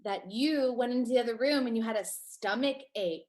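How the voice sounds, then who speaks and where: A woman's voice: a little high, brisk, darkish tone, lightly acted. A woman in an improvised comedy scene playing a suspicious, hot-tempered young woman who presses others with accusing questions. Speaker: improv performer.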